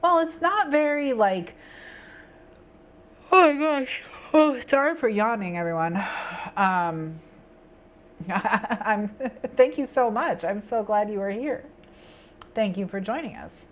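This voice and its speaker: A woman's voice: medium pitch, expressive, unhurried. A woman hosting a casual craft stream, thinking aloud and chatting with viewers in a rambling way. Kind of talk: casual chat with viewers while planning.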